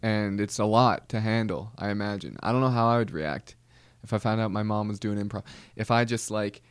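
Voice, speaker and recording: A man hosting a comedy podcast, telling a rambling deadpan story with casual slang. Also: fairly low pitch, fairly quick, clean tone, no echo. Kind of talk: comedic monologue.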